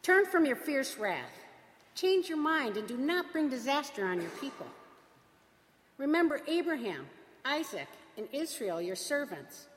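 A woman's voice: high-pitched, big pitch swings, measured pace, a little hiss or hum. Woman reading scripture in echoey church. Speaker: scripture reader. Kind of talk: liturgical reading. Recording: echoey large hall.

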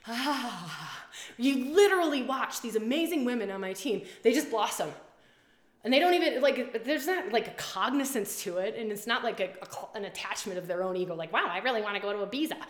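Animated woman in an echoey room. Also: on the high side, normal speed. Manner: animated, swears freely, repeats phrases. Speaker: women's circle and retreat leader. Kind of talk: casual live-stream talk.

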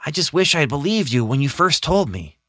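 A man's voice: on the high side, sing-song, fairly quick, sharp tone, no echo, studio quality, voice pushed up, heavily acted. A man voicing Thomas, a regretful adult disciple with a wistful, slightly raised voice in a children's Bible story.

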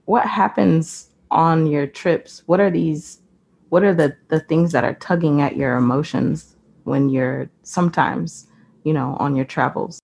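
A woman's voice: low voice, measured pace, gravelly, darkish tone, husky. A woman interviewing a guest in a curious, chatty way. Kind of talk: casual interview chat.

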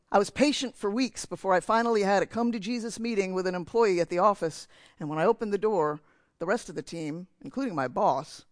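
A man's voice: sits high, dry recording. A man from New Jersey giving a sermon in church, telling a candid, self-mocking story about himself. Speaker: preacher.

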